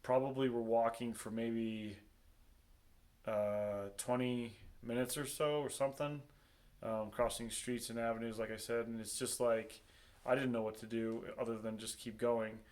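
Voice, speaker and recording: A man telling a personal story in a casual, halting way, with many pauses, ums and restarts. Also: medium pitch, steady tone, a little mellow.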